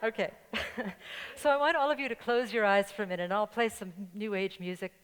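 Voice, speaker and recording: A woman's voice: medium pitch, brisk, smooth. An older woman pastor with a slight New York accent, giving a playful, joking sermon and laughing along with her congregation. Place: church sanctuary with congregation. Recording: long church-hall reverb.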